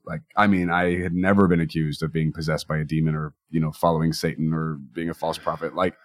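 A man in his thirties, a podcast guest, candidly recounting personal experiences as an earnest, animated storyteller who acts out quoted voices. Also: a bass voice, fast.

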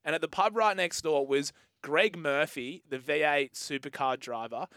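A man's voice: fairly high pitch, moderate pace, pushed and bright, no echo. A man co-hosting a sports radio show, telling a rambling anecdote with laughs in a studio. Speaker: radio co-host. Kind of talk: casual sports radio chat.

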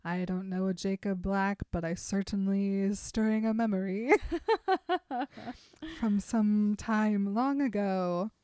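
A woman voicing a brooding, intense teenage vampire boy in a quick, half-joking paraphrase. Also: medium pitch, steady tone, mellow, smooth, dry recording, studio quality, lightly acted. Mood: teasing.

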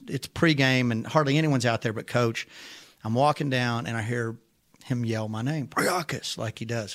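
A man tells a story as a podcast guest, chatty and animated, breaking into laughter often. His voice sits at an ordinary middle pitch. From Arkansas. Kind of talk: casual storytelling.

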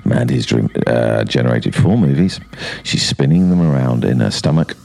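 A man co-hosting a casual podcast chat, with dry, deadpan teasing. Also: rumbling low, moderate pace, gravelly. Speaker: podcast co-host.

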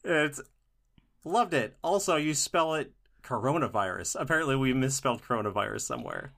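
A cheerful man chatting as a podcast co-host. He keeps things light and breaks into laughter often, in a relaxed and casual way. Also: mid-range voice, a little fast, creaky. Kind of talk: casual chat.

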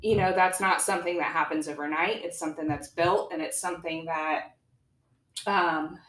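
A woman's voice: sits low, fairly even intonation, normal speed, a bit bright, echoey room, low-quality recording. A woman podcast host asking her guests questions in an earnest, thoughtful way. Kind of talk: interview conversation.

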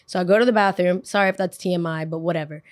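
A woman's voice: lowish voice, steady tone, racing, no room sound. Young woman host, casual storyteller, chatty and dramatic, dry close mic. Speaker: podcast host.

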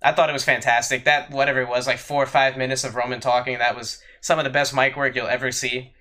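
A man's voice: mid-range voice, flat delivery, quick pace, pushed and bright. A man co-hosting a podcast who chats casually, with many fillers and repeated words. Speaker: podcast co-host.

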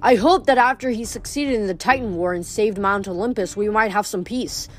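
A woman voicing a weary, wise old male centaur teacher, speaking gravely and low. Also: soft background music, lightly acted. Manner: grave, sorrowful, slow.

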